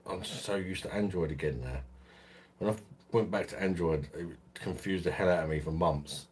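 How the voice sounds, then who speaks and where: A man's voice: sits low, normal speed, a little mellow, slight background noise. A man hosting a beer channel, chatting casually and swearing on a live stream from his phone at home, laughing often.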